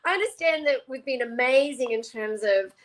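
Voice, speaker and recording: A woman's voice: on the high side, lively intonation, moderate pace, poor audio. A woman hosting interviews, talking animatedly and acting out the people she quotes. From Australia. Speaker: interviewer host. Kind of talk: casual conversation.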